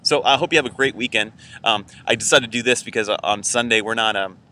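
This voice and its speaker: A man delivers a relaxed sermon to his church in a low, bright and somewhat tense voice. He talks casually and conversationally, filling gaps with loose fillers. A faint ambient hiss sits behind him. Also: fast talker. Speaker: church pastor. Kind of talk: informal weekend sermon message.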